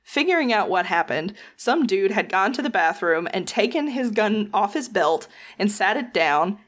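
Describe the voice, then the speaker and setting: A woman in casual chat, telling a work story in an expressive way and swearing casually. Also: mid-range voice, normal speed.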